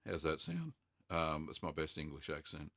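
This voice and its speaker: A man with a low voice hosts a relaxed live-stream Q&A, answering viewer questions in an easygoing, rambling way with frequent ums and uhs. He sits close to the mic, and the sound is dry with no room echo. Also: vocal fry. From Australia. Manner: chatty and unhurried, many ums and uhs.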